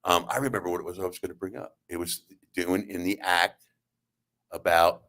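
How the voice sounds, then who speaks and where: A middle-aged man with a very deep, low-pitched voice hosts a talk radio show from the studio. He tells comic stories in a rambling, halting way and keeps acting out the other people's lines. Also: fairly even intonation, fairly bright tone. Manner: rambling, halting, with acted-out quotes. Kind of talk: comedic storytelling on talk radio.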